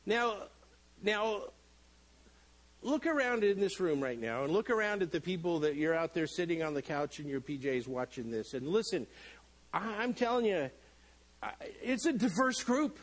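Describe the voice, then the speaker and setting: A middle-aged pastor preaches a sermon in a church sanctuary, his fairly high voice rising and falling as he jokes. He plays the characters in his story with lively, animated delivery. He talks at a moderate pace, and the recording is rough.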